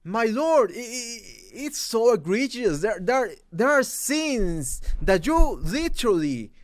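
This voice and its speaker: A man's voice: very high voice, very animated, takes it slowly, dry recording, studio quality. A young Mexican man with a Mexican accent, ranting about a movie dub, profane and exasperated with frequent restarts. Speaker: movie reviewer. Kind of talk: angry rant.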